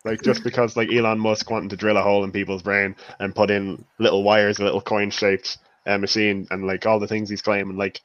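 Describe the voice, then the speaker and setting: A young man in a casual group chat, excitable and storytelling. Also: on the low side, brisk, few pauses, no room sound. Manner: excitable, tells stories with big swings. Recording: dull, lo-fi mic.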